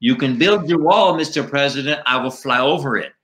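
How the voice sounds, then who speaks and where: A ventriloquist man voicing a cheeky male eagle puppet with a Spanish accent, drawling punchlines in a high, squeaky voice. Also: a little fast, a bit bright, lightly acted. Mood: jokey.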